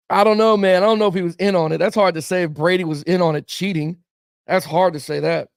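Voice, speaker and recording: A man's voice: sits high, steady tone, moderate pace, vocal fry, long pauses, no room sound, clean studio sound. A man hosting a casual sports talk show, rambling and reacting to viewer comments with chuckles, peppering his talk with "man" and "bro".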